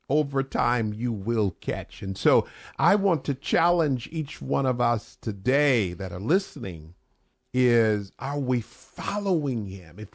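A man's voice: medium pitch, big pitch swings, dry recording. A man preaching as a guest on a radio show. He takes his time, rising with emphasis on the words that matter, in a mid-range voice. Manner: measured, slow, emphatic, rises on key phrases.

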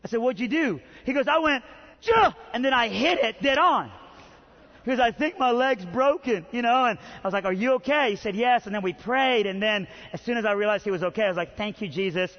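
Man preacher, high and animated, muffled sound with a long hall echo. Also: fast. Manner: animated storyteller, acting out both voices, rising to shouts. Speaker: pastor. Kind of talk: sermon with a personal story.

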